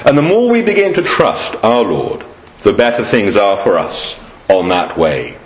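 A man with an English accent preaching an earnest, measured sermon with emphatic rises and low trailing endings. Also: sing-song. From England. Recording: echoey room, dull lo-fi sound.

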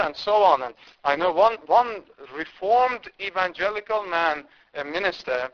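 A man's voice: sits high, expressive, normal speed. A man from India preaching a sermon, impassioned, with emphatic rises and repeated words. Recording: dull lo-fi recording.

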